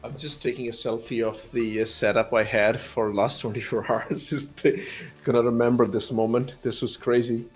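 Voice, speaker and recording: A man co-commentating a live-streamed race in a relaxed way, full of admiring remarks. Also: mid-range voice, moderate pace, breathy edge, soft background music.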